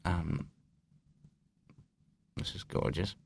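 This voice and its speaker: A man's voice: very deep voice, very slow, creaky, slightly rough, no echo. A man chatting in a casual commentary, rambling with restarts and chuckling as he talks. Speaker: episode writer on a commentary track.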